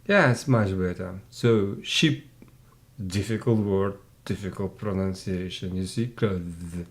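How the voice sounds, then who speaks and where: Slow, patient male English tutor. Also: fairly low pitch. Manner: patient, repeats sounds for drilling. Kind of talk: one-on-one language lesson.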